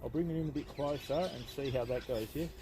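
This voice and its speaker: A man's voice: mid-range voice, fast talker, background noise. A man, streaming live while fishing on a river and chatting with his viewers in a casual, laid-back way. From Australia. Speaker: fishing livestreamer. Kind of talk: casual livestream chat. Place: outdoors by a river. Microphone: phone.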